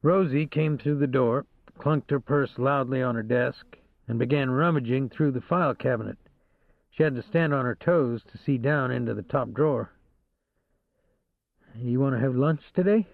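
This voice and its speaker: A man narrating a first-person crime novel in a steady, measured way. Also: medium pitch, vocal fry, no room sound. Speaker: audiobook narrator. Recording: dry, narrow phone-like sound.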